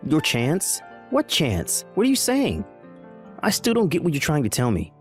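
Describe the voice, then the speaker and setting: A man's voice: fairly high pitch, huge pitch swings, moderate pace, faint music behind. A man voicing a bewildered husband who keeps asking alarmed questions. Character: bewildered husband, pleading and confused. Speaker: husband in a text-message story.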